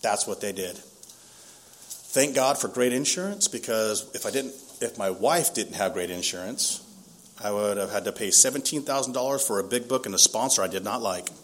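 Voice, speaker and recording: A man's voice: fairly low pitch, animated, moderate pace, slight background noise. A man in his forties from Southern California giving a candid, self-deprecating recovery testimony at a meeting, often laughing at himself.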